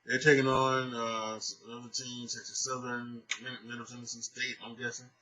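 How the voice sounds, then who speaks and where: A man's voice: mid-range voice, level tone, normal speed, bright, forceful tone, rough recording. A tired man hosting a casual solo sports podcast, rambling through his picks with many fillers and restarts. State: tired, sleepy. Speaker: podcast host.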